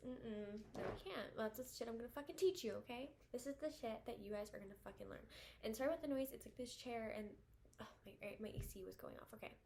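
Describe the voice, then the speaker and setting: A woman's voice: a little high, a little mellow. Blunt, swearing young woman vlogger. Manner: blunt, swears a lot, chatty with many fillers. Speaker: vlogger giving dating advice to women. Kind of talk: casual to-camera rant. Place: indoors at home with air conditioner running. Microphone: camera facing her. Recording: audible background hum at home.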